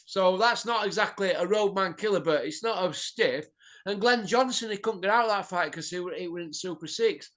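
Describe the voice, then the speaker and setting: A man's voice: sits high, brisk, fairly bright tone. Heated man ranting. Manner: blunt, heated, swears, tag questions. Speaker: boxing pundit host. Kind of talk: opinionated ranting chat.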